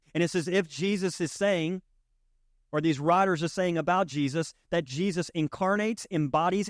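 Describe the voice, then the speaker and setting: A man's voice: a little high, dry recording, clean studio sound. Conversational man preaching a sermon. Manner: conversational, checks in with listeners. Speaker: pastor.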